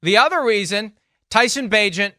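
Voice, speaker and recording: A man with a high, smooth voice reads off spreads and trivia in a wry, deadpan way, slipping in jokes. The sound is crisp and dry, right on the mic. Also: normal speed, no room sound. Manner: wry, deadpan delivery of stats and picks. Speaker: co-host, football reporter. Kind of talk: casual sports chat.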